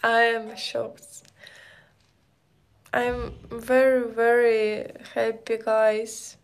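A high-pitched young woman streaming live, speaking very slowly. She chats casually with her viewers in simple, non-native English, greeting them one by one. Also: little pitch movement, clear, resonant tone.

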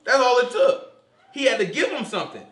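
Animated male Bible teacher, echoey room. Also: extremely high pitch, a little fast. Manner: animated, quizzes listeners, acts out dialogue. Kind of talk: casual Bible study teaching.

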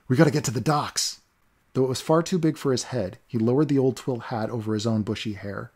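A man narrating a fantasy story in a steady, measured reading. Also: mid-range voice. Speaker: audiobook narrator.

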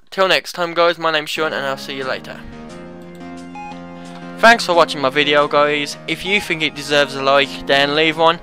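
A man giving excitable gameplay commentary, often yelling in panic and swearing. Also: fairly high pitch.

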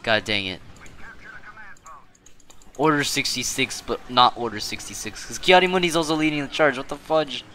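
A man giving casual gameplay commentary as a streamer, rambling, correcting himself and breaking into quick exclamations. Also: mid-range voice, sharp tone, slight background noise. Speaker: gaming streamer.

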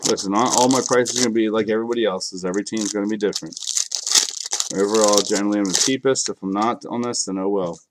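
An adult man with kids, a bit sick and clearing his throat, hosts a live card break, joking casually and addressing viewers by name. His lowish voice holds a steady tone at a fast pace. Heavy background noise is present.

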